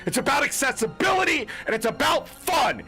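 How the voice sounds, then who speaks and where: Male gaming creator, high bright voice, gravelly, exasperated swearing rant over faint music. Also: sing-song, brisk. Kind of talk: ranting commentary.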